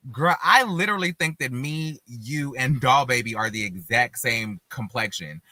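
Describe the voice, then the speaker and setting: Podcast co-host, male, chatty and earnest, piercingly bright tone, dry close sound. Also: fairly high pitch, no echo. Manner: earnest, rambling, many filler likes. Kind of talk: casual group chat.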